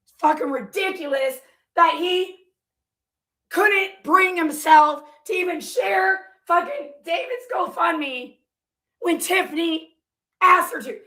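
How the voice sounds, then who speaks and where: A woman's voice: very high voice, animated, slow pace, pushed and bright. A woman vlogger reading viewer comments aloud and reacting with heated, profane, confrontational ranting.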